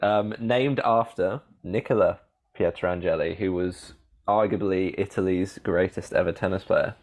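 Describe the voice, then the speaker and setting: A man with a very low, deep voice co-hosts a relaxed podcast. He talks in a rambling, halting way, with many fillers and restarts. He laughs easily as he sets a quiz for his co-host. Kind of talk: casual podcast chat.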